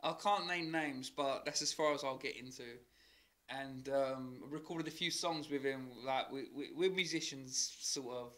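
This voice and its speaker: A man's voice: medium pitch, measured pace, fairly bright tone. A man co-hosting a casual podcast chat, telling sweary anecdotes and often laughing. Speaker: podcast co-host.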